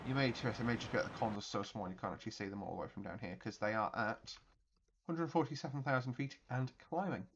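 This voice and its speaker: A man hosting his channel, giving chatty, excitable gameplay commentary with mouth-made explosion noises. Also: mid-range voice, fast talker, a little hiss or hum. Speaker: video game channel host.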